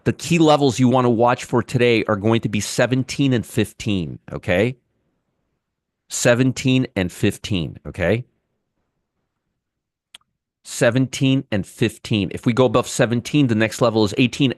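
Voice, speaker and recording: A man's voice: medium pitch, a little fast, hardly any pauses, no echo, clean studio sound. Emphatic man talking through market charts. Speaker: market commentary host. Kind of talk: casual trading analysis monologue.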